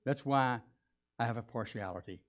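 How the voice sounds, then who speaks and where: A man's voice: medium pitch, moderate pace, dull audio. A man preaching a sermon as pastor, in a conversational, joking way.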